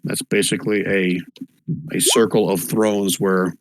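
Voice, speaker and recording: A man narrates an online tabletop session as game master, his voice sitting low. He talks in an easygoing way, full of fillers, and stops to spell out names. The voice-chat mic sounds close and dry. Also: steady tone, unhurried, dry recording, poor audio. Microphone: voice chat microphone.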